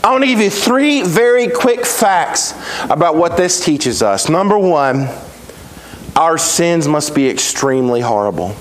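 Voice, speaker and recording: A man preaching a sermon as pastor, with emphatic repetition and dramatic pauses. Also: fairly high pitch, expressive, a little hiss or hum, low-quality recording.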